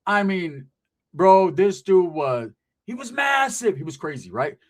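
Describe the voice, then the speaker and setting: A man's voice: high voice, measured pace. Profane, slangy middle-aged storyteller man. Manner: profane, slangy, animated, keeps asking "right?". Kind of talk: casual street storytelling.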